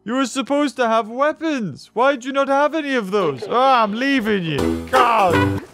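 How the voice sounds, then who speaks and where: A man hosting a let's play, chatting excitably and talking to the creatures on screen. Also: extremely high pitch, normal speed, faint music behind. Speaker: gaming channel host.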